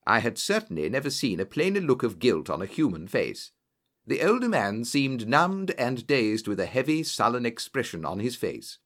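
A man's voice: mid-range voice, big pitch swings, moderate pace, a bit bright. A man narrating a story aloud, telling it with varied character voices. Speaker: audiobook narrator. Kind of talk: scripted narration.

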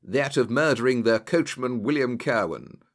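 A man's voice: mid-range voice, lively intonation, normal speed. A man voicing a cool, clipped male detective in a storybook reading. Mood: calm.

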